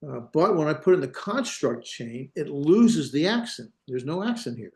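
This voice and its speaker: A man's voice: on the high side, very animated, moderate pace. A male teacher giving a classroom lecture on grammar, thinking aloud, hesitating and correcting himself as he goes. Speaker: Hebrew teacher.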